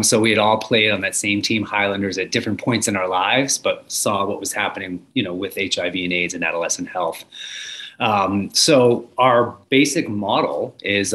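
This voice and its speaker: A man's voice: fairly low pitch, fairly bright tone. A man in his forties, a guest telling his story in an earnest, reflective way with some fillers. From United States. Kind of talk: conversational storytelling.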